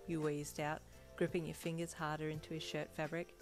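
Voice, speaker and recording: A woman reading fan fiction aloud as expressive narration, voicing the flustered listener in a higher voice. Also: fairly quick, soft background music. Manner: acts out the listener's lines in a high, flustered voice.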